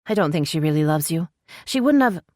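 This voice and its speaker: Woman playing a young elf princess, insistent, pleading, higher than the narration, dry close audiobook. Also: expressive, fairly quick, darkish tone, dry recording.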